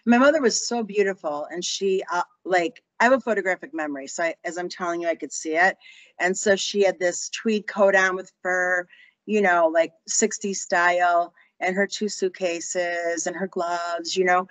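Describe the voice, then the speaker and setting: Speaking at a moderate pace in a low-leaning voice, this interview guest in her sixties shares personal stories. The rough recording has no echo, and she brings quoted people to life by acting out their voices.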